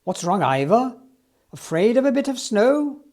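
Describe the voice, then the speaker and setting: A man voicing a hearty, booming train driver. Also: very animated, a little slow, darkish tone, exaggerated voice. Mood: teasing.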